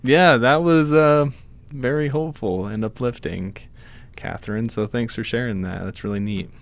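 Podcast host, man, calm, curious, mid-pitched. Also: moderate pace, slight background noise. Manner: calm, curious, short affirmations. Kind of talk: interview.

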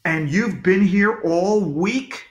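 A man voicing a mild-mannered school principal who talks in a gentle, reasonable, slightly sheepish way. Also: sits high, takes it slowly. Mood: urgent. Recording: roomy echo.

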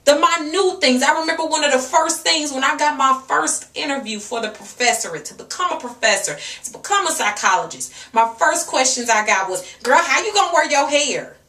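A woman's voice: sits high, brisk, hardly any pauses, pushed and bright, echoey room, far from the mic. A woman, giving a passionate, preachy vlog rant full of rhetorical questions. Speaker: natural hair and fitness vlogger.

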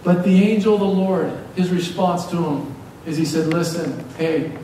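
A man preaching a sermon as pastor, lively and joking as he urges the congregation on. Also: high voice, normal speed. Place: church sanctuary. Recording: echoey hall from far off, faint hiss.

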